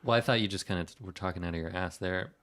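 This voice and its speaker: A man's voice: low voice, racing, fairly bright tone. A man co-hosting a casual movie podcast, teasing and dry, swearing freely. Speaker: podcast co-host.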